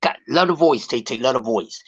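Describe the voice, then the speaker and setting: A man's voice: medium pitch, lively intonation, fairly quick, fairly bright tone, breathy edge, lo-fi sound. A man ranting on a casual livestream about boxing, profane and heated, often stretching and repeating words as he builds his point. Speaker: boxing commentary vlogger.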